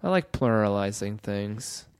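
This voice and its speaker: A man's voice: fairly low pitch, expressive, measured pace, darkish tone, smooth. A man from Canada, a guest comedian, riffing goofily in casual chat. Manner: goofy, riffing, laughing often.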